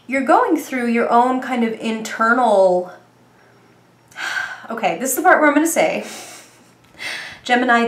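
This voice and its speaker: A woman's voice: mid-range voice, echoey room. A woman reading tarot for viewers in a bubbly, chatty way, thinking aloud as she goes. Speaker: tarot reader. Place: indoor room with bright light.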